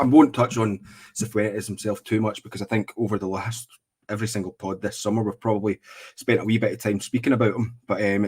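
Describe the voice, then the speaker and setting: A Scottish man hosting a football podcast, chatting casually with many ums and pauses. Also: fairly low pitch, breathy edge. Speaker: podcast host. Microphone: podcast mic with earphones in.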